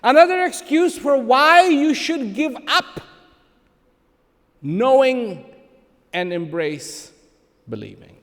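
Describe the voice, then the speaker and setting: Male speaker, unhurried and emphatic, swinging widely in pitch, playful humor, reverberant hall. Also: big pitch swings, a bit bright. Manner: slow, emphatic, with playful humor and dramatic pauses. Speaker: speaker addressing an audience. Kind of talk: spoken address to a live audience.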